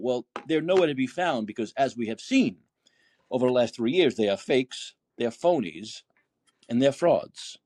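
Ranting through political commentary on his call-in podcast, a man fires off rhetorical questions, swears, and quotes posts from his feed with indignant heat. He speaks at a normal speed in a medium-pitched, expressive voice that's husky and darkish, with no echo.

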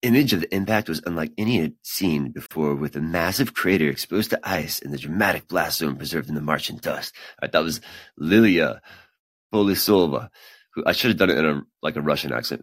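A man's voice: very deep voice, brisk, no echo. A man hosting a podcast, reading science news aloud and breaking off into casual, swearing, self-deprecating asides. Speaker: podcast host.

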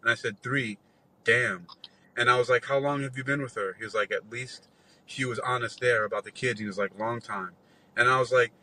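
A man in his forties tells a long, rambling story in relaxed conversation. His voice is bright and forceful, sits at an ordinary pitch, and is laced with swearing as he acts out other people's lines. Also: fairly quick, poor audio. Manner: rambling, profane, animated retelling with quoted dialogue. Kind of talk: casual storytelling.

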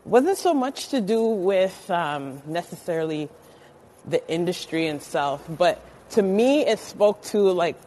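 A woman actor speaking in a reflective, measured way as a guest in a casual podcast interview. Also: lowish voice, expressive, dark tone, slight background noise, rough recording.

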